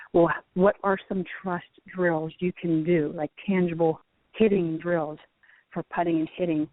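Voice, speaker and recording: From outdoors at a driving range, a middle-aged ex-tour golfer who now teaches tells interview stories over a tinny, dry phone line, full of energy and frequent laughter. Her pitch is fairly low, her pace a little slow, and the recording dry.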